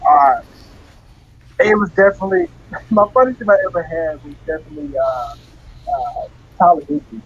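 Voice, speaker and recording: A young man and former college football player, telling stories as an interview guest in a relaxed way, often laughing and repeating words. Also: fairly high pitch, normal speed, creaky, long pauses, husky, highs cut off. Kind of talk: casual interview.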